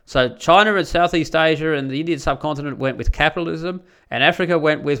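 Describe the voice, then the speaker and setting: A man's voice: a little high, brisk, hardly any pauses, a bit bright, smooth. A man delivering a crude, combative monologue full of rhetorical questions. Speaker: commentator. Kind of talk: ranting monologue.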